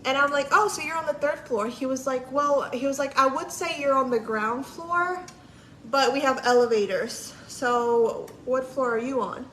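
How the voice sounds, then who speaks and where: Talking at a moderate pace in a high, slightly bright voice, a female livestream vlogger casually narrates a long story with plenty of "like," quoted speech and free swearing. Faint background noise and echo are present.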